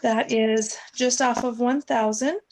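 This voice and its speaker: A woman's voice: a little high, fairly even intonation, unhurried, darkish tone, rough recording. A woman city staffer at home, presenting a subdivision plan to a council over a video call, chatty and apologetic with many fillers, losing her voice.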